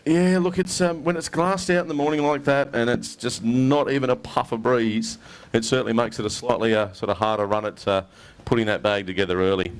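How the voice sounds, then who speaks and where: A man's voice: medium pitch, fairly even intonation, a little fast. Chatty Australian weigh-in emcee, man. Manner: chatty, jokey, mate-heavy banter. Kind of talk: casual event commentary. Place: outdoor fishing tournament weigh-in.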